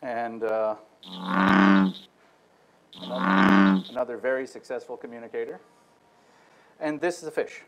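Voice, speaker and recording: A man's voice: mid-range voice, rough recording. Man, lecturer, technical talk, explanatory, demonstrates sounds aloud. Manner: explanatory, demonstrates vowel sounds with his own voice. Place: lecture room.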